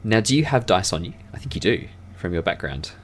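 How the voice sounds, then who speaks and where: A man's voice: on the low side, lively intonation, a little fast, slight background noise. A man running a tabletop role-playing game as dungeon master, describing scenes with many fillers. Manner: rambling, filler-heavy description.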